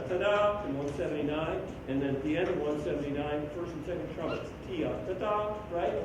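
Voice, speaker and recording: A man leading a school band rehearsal, singing rhythms on syllables and counting the players in. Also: fairly high pitch. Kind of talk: rehearsal instruction. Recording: echoey room, mic far off, background noise.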